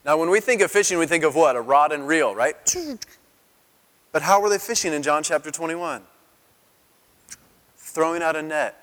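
A man in his thirties preaching a sermon as a pastor, telling the story in an animated way and acting out the quotes in a raised voice. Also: fairly high pitch, normal speed, pauses often. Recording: long hall reverb.

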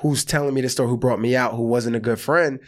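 A man's voice: medium pitch, fairly even intonation, quick pace. A man from the American South, an actor and comedian, telling a story in casual chat and acting out the quotes. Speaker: podcast guest, actor and comedian.

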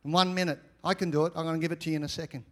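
A man preaching a sermon as pastor, energetic, with repeated phrases and swings between loud and quiet. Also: fairly high pitch, rapid-fire.

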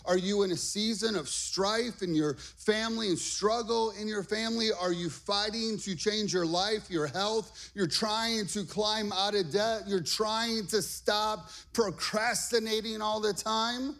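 A middle-aged man pastor preaching a lively sermon to a congregation, energetic and repeating "okay?" and "all right" often. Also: sits high, measured pace, vocal fry, hardly any pauses. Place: church stage before a congregation.

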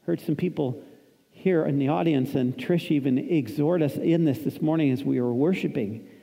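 A man's voice: on the high side, normal speed, vocal fry, dark tone. A man in his fifties preaching a sermon as pastor, emphatic and repetitive, quoting scripture. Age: 50s. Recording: long hall reverb.

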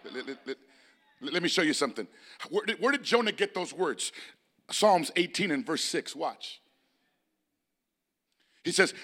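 A male pastor preaching a sermon, moving from chatty asides to loud, shouted passages. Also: a little high, vocal fry.

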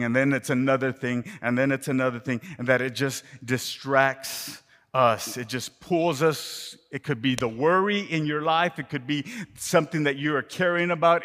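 A man delivering a sermon, repeating rhetorical questions to the congregation and moving between loud impassioned preaching and near-whispers. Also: medium pitch. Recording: long reverb of a large hall.

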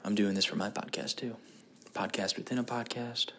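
A man's voice: fairly low pitch, steady tone, normal speed, fairly bright tone, slight background noise. A young man hosting a solo podcast, rambling and swearing as he questions himself in frustration while sitting on a toilet. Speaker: podcast host.

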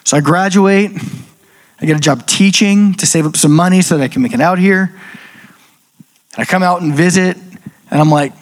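A man with a slightly raised voice tells a personal faith story in a loose, chatty way. He packs his speech with "like" fillers and jumps into animated quoted asides. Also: high voice, moderate pace, pauses often. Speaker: speaker sharing a personal testimony. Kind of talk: casual storytelling talk.

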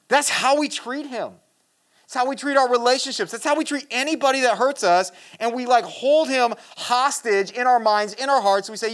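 A preacher giving a sermon in a casual, earnest way, reading scripture and talking to the listeners directly. They often restart and repeat words, and they drop into a quiet, low voice to stress a point. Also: normal speed. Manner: addresses the listeners directly as "guys" and asks for "amen"; drops to a quiet, low voice for emphasis.

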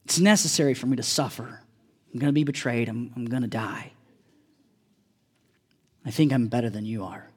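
A pastor playing an exasperated, weary Jesus who is fed up with his disciples, in a sighing, lowered voice. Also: normal speed, pauses often, breathy edge, natural voice.

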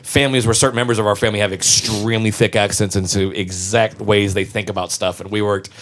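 A quick-talking man in his forties who tells stories at a rapid clip. He is loose, profane and animated, and keeps a chatty, unscripted flow as he rattles off anecdotes. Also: lowish voice, slight background noise. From Memphis, Tennessee. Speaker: musician guest. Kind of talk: casual storytelling chat.

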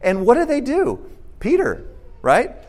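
A man's voice: extremely high pitch, unhurried. A man preaching a sermon, asking his listeners questions and acting out the lines he quotes. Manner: animated preaching, asks the audience questions, acts out quotes. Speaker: pastor.

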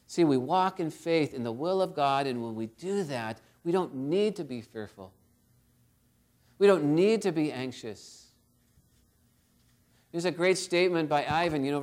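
A man preaching a sermon, retelling a story and exhorting his listeners with earnest, direct questions. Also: sits high.

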